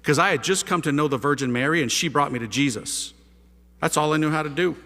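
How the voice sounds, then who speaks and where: A priest telling his conversion story to an audience, a lively storyteller using casual slang and rhetorical questions. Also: a little high, fast talker. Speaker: priest giving a conversion testimony. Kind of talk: animated testimony talk to an audience. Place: large hall with a live audience. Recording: reverberant hall.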